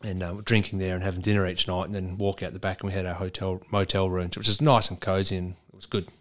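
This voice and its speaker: In a casual conversation, this Australian man, a racing driver, talks fast in a low voice. His storytelling is animated and full of swearing.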